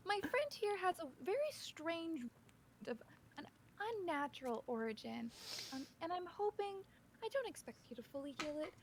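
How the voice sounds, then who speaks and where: A woman playing a tabletop game in a casual, giggly, excitable way. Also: extremely high pitch, normal speed, slight background noise. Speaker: player.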